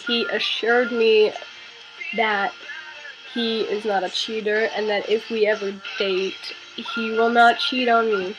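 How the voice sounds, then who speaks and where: A woman's voice: fairly high pitch, little pitch movement, slow, over music, rough recording. A teenage girl vlogging, telling a story with exasperated sarcasm. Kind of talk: casual ranting vlog.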